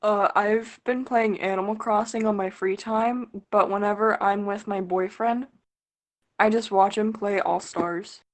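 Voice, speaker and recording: A woman's voice: medium pitch, fairly even intonation, measured pace. A young woman chatting as a podcast guest, with a plain mid-range voice. Her replies are brief and matter-of-fact. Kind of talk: casual podcast chat.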